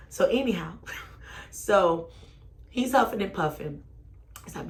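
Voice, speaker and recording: A woman, telling her own story with sass. She swings from loud, exclaiming bursts to quiet asides. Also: normal speed, long pauses. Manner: sassy, expressive, rising to loud exclamations then dropping low. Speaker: storyteller vlogger. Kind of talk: animated personal storytelling.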